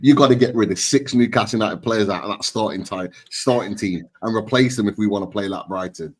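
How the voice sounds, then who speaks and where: A man's voice: on the low side, a little fast, slight background noise. A man on a fan panel, ranting bluntly and heatedly about his team's players. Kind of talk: heated football fan chat.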